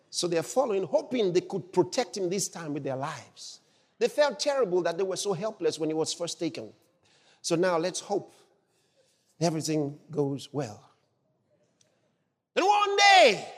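A man preaches in a high, very lively voice, swinging up into shouted exclamations. He tells the story dramatically and takes his time. The sound rings with the long reverb of a large hall. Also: a little slow, pauses often. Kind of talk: sermon.

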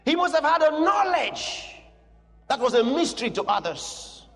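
A man preaching a sermon as pastor, emphatic and drawn-out, rising now and then into a shout. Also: extremely high pitch, very animated. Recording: long hall reverb.

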